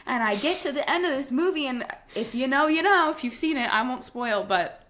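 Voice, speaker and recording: A young woman in her twenties co-hosting a podcast, telling stories in an animated, dramatic way with casual swearing. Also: sits high, fairly quick. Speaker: podcast co-host. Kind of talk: casual chat.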